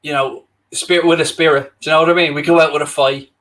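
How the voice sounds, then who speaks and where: A man's voice: fairly high pitch, steady tone, fast, fairly bright tone. Wry male co-host. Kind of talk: live football watchalong banter.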